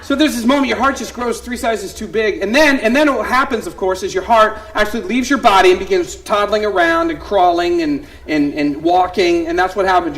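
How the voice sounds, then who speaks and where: A man performing a one-man comedy show on stage, telling animated stories and acting out voices of his family. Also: high voice. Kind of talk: stand-up storytelling. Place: theater stage before a live audience.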